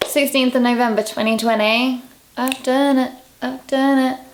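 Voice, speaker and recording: A young woman from England talking casually to camera in a vlog, candid and quick to laugh at herself, a little out of breath. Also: high-pitched, steady tone, over loud music. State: out of breath, low on energy. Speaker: vlogger.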